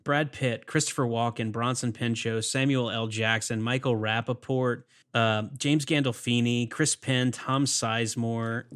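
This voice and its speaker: A man's voice: medium pitch, steady tone, unhurried, few pauses, fairly bright tone, clean tone. Easygoing man co-hosting a movie podcast. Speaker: podcast co-host. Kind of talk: casual movie podcast chat.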